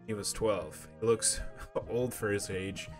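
A man's voice: on the low side, fairly even intonation, takes it slowly, over music. A man giving crude, joking gameplay commentary, profane and self-mocking. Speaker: gamer.

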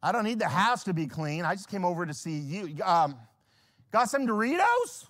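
Male pastor, high voice that leaps around, animated sermon delivery. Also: normal speed. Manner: animated, swings from hushed to loud; acts out little scenes in quoted voices.

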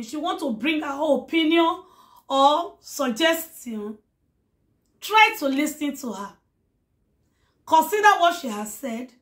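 Hoarse woman vlogger, gushing and affectionate with viewers, unhurried delivery. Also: high-pitched, pushed and bright. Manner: effusive, affectionate, blessing her viewers; repeats words in threes. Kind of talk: casual talk to followers.

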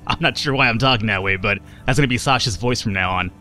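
A man's voice: mid-range voice, fast, few pauses, pushed and bright, faint music behind. A man hosting a let's play, giving loose, rambling commentary and correcting himself as he goes. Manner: rambling, self-correcting, swears casually. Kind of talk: casual gameplay commentary.

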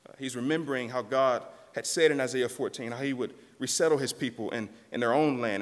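A man's voice: fairly high pitch, in a large hall. A pastor preaching a sermon in a church, earnest and direct, often turning to his listeners as "church". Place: church sanctuary.

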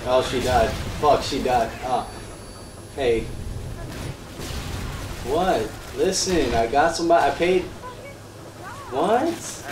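A man's voice: medium pitch, lively intonation, slow, long pauses. A man in casual gaming chat, trolling online and telling crude joking stories. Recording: distant roomy mic with loud game noise.

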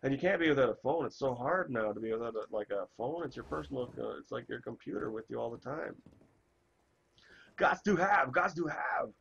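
A man streaming a game, chatting in a rambling, self-interrupting way while hoarse from a cold. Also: medium pitch, quick pace, few pauses, highs cut off. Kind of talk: casual chat while gaming.

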